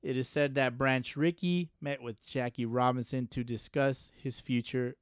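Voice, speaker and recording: A man's voice: mid-range voice, steady tone, moderate pace, clean tone, no echo, clean studio sound. A man co-hosting a casual sports podcast, joking and laughing between crude banter. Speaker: podcast co-host. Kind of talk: casual chat.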